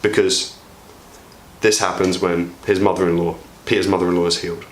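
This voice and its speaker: A man preaching an energetic, joking sermon to his church, his pitch swinging widely as he appeals for volunteers. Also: a little fast, reverberant, slight background noise. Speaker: pastor.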